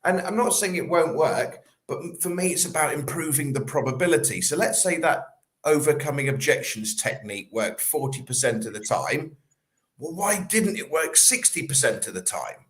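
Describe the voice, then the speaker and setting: Man, sales coach, casual podcast talk, animated storyteller. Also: a little high, normal speed, roomy sound. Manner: animated, acts out little scenes in quoted voices.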